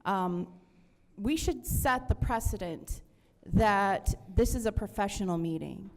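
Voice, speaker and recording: A woman's voice: mid-range voice, a little slow, long reverb tail. A woman council member making a frustrated speech at a meeting, with many fillers. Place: council chamber.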